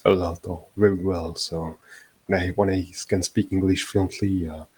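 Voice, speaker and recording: A French man with a very deep, heavily husky voice chats in English with a thick French accent. He speaks haltingly and searches for words, and his grammar often slips. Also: level tone, a little mellow, poor audio. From France. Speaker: podcast guest. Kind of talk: casual chat.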